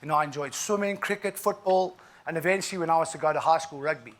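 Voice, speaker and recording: A man's voice: on the high side, quick pace, fairly bright tone. A man of about forty with a South African accent, giving an inspirational keynote and telling his story in a vivid, emphatic way with frequent asides. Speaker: keynote speaker.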